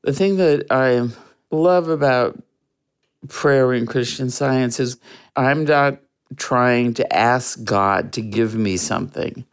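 Slow, earnest storyteller, unclear-sounding voice. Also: medium pitch, smooth. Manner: earnest, reflective, with soft laughs. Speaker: guest. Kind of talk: personal storytelling in an interview.

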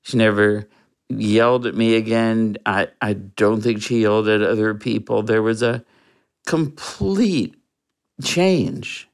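In an interview, a guest shares a personal story earnestly and reflectively. The pace is slow and unhurried, the pitch sits in the middle, and soft laughs surface now and then.

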